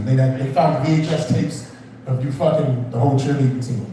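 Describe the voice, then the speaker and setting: Off-mic and echoey, a young male comedian works through a loose, rambling stand-up set at a small club's open mic, cursing and bantering with the audience. His mid-range voice has fairly even intonation and a normal speed.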